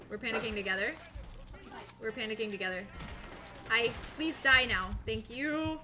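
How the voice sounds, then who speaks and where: A woman's voice: fairly high pitch, normal speed, long pauses, music in the background. A woman streaming a game with casual commentary, swearing freely, laughing and narrating her own moves as she goes. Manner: laughs often and panics loudly. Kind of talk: casual live gameplay commentary.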